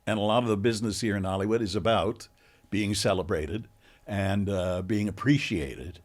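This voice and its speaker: An older man hosting a podcast interview, speaking in a measured, supportive way. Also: on the low side. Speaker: podcast host. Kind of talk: interview chat.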